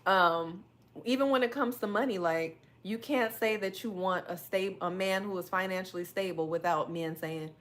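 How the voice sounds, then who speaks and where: This is a woman as she hosts her own podcast. She talks candidly and with animation, and she keeps calling her listeners y'all. Her voice sits at a middle pitch for a woman. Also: normal speed, fairly bright tone. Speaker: podcast host. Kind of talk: solo podcast talk reading live chat.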